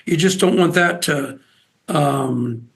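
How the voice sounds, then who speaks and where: A man chatting as a podcast guest, talking in a lively way with frequent restarts and repeated words. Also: a little high, slow. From Nebraska. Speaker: interview guest, outdoors TV host. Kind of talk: casual storytelling chat.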